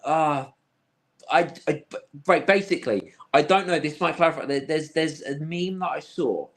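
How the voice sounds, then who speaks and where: A man's voice: fairly high pitch, normal speed. A man co-hosting a casual film podcast, rambling with many restarts and a dry sense of humour. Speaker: podcast co-host.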